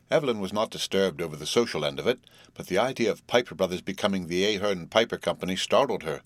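A man reading a story aloud in a steady, measured narration. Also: sits low, no room sound. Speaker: audiobook narrator. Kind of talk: scripted narration.

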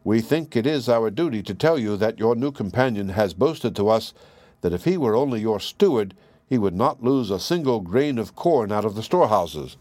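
A man reading a storybook voices spiteful discharged soldiers in a smooth, falsely dutiful tone. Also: on the low side, lively intonation, moderate pace, darkish tone, dry recording. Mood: scheming. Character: scheming discharged soldiers, spiteful grown men.

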